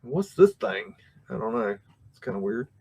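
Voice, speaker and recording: A man's voice: mid-range voice, sing-song, moderate pace, vocal fry, warm tone, husky. A man hosting a livestream, talking casually through old photographs in a rambling way, with many fillers and restarts and frequent chuckles. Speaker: livestream host.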